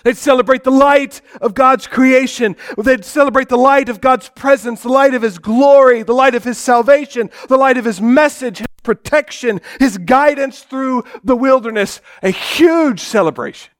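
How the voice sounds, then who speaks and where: A man preaching a dramatic sermon in church, swinging between loud declarations and hushed, low passages. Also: normal speed, few pauses. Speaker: pastor.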